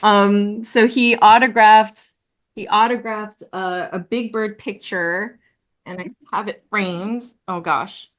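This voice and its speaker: Woman guest, video-call interview, animated storytelling, laughs often, mid-pitched voice. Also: slow pace. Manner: animated, laughing, many fillers. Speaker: puppeteer guest.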